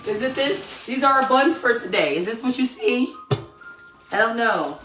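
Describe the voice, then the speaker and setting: A woman's voice: on the high side, animated, normal speed, a bit bright, soft background music. A middle-aged woman hosting a casual home cooking show, chatting and teasing as she works in her kitchen. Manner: chatty, teasing, thinks aloud while working.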